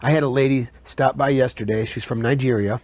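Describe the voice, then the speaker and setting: An earnest man guest talking in a kava bar, with a middle-pitched voice. He stumbles and repeats words as he works through his thoughts. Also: steady tone, a little mellow. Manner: halting, repeats words often while searching for phrasing. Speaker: guest, herbal medicine maker. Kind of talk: casual interview conversation.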